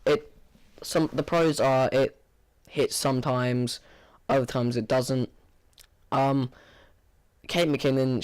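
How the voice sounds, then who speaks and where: A hoarse, tired man with a mid-range voice gives an informal spoken review of a movie. He sounds bored and flat, rambling and frequently restarting with lots of filler words.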